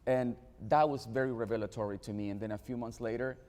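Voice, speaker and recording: A man recounts a family memory at a press launch. His voice is mellow and relaxed, and he trips over his words and restarts again and again. A long reverb trails every phrase. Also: medium pitch. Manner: halting, many repeated restarts. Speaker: panel speaker. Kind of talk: personal anecdote on a panel. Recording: reverberant hall.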